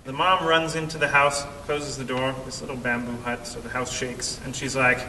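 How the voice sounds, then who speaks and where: A young man telling a story in an animated way, acting out the voices of the people in it. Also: moderate pace. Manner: animated, acts out quoted voices. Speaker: vlogger. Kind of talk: storytelling vlog. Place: cave. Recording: echoey cave, distant mic, faint rumble.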